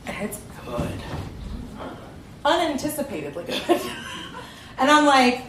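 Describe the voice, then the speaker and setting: A woman's voice: sits high, very animated, a little slow, long pauses. Woman telling a comic story on stage. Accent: Southern US. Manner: comic, laughing through her lines. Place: live venue with audience. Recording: echoey live room, faint noise.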